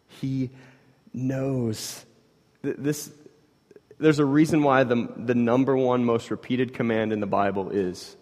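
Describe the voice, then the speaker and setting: A man's voice: medium pitch, slow, long pauses. Man preaching in a reverberant hall. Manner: conversational, swings from hushed to loud, many "like" fillers. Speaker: pastor. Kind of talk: sermon.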